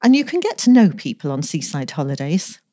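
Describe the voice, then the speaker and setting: A woman's voice: low-pitched, sing-song, brisk, mellow, dry recording, studio quality. A woman voicing a tearful, petulant young office girl who pleads and whines. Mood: pleading. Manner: whiny, pleading, breathless.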